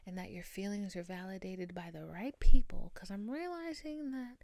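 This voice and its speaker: A woman's voice: medium pitch, moderate pace, creaky, dark tone, no room sound. Frank, swearing woman podcast host, dry sound. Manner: emphatic, frank, swears freely. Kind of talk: casual solo podcast monologue. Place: room at home with her dog.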